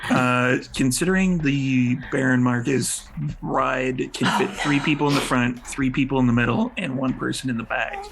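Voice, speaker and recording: Brief: male storyteller for a tabletop game, mid-pitched, easygoing, chuckles between rulings. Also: normal speed, vocal fry, background noise.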